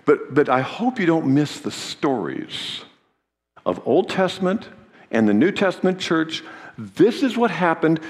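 A man's voice: fairly high pitch, big pitch swings, measured pace, long reverb tail. A man preaching a sermon in an earnest teaching manner, his voice rising in volume on key phrases.

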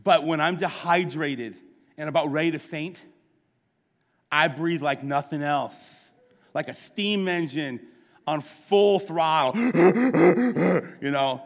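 Middle-aged preacher guy telling a story, kinda high voice, acts out all the lines, big echoey hall. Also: unhurried. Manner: animated storyteller, acts out the dialogue. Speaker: pastor. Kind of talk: sermon storytelling. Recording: long hall reverb.

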